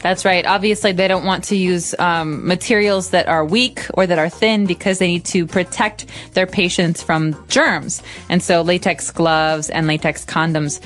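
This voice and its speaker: A woman's voice: fairly low pitch, steady tone, normal speed, few pauses, soft background music. Patient woman explaining English words. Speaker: English teacher. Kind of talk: co-hosted English lesson.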